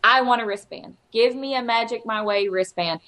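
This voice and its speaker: Podcast co-host, a woman with a fairly high voice, chatty and exasperated, acts out every quote. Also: moderate pace, a crowd in the background. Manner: animated storyteller, acts out quotes in exaggerated voices; exasperated, rambling complaints. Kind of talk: casual chat.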